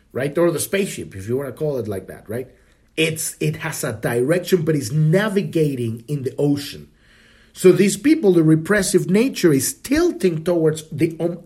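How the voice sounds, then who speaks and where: A male host with a high, slightly mellow voice leads a spiritual podcast in an easygoing way. He swears a lot and often breaks off mid-sentence to begin again.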